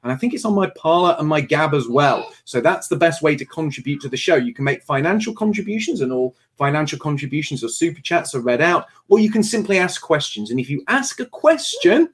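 A man's voice: a little high, big pitch swings, fairly quick, hardly any pauses, husky. A man hosting a livestream show, making earnest announcements and chuckling now and then.

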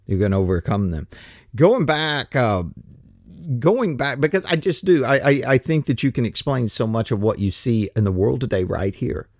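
A man's voice: medium pitch, animated, normal speed, dry recording, clean studio sound. Rambling preacher man. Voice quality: rambling, stumbling restarts, sarcastic. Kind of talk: casual podcast sermon.

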